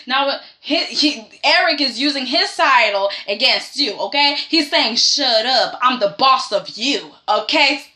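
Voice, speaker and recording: A chatty woman with a high, bright voice recaps a soap opera for her vlog, leaning on "okay" and "like". She talks at an unhurried pace in an echoey room. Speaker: soap opera review vlogger.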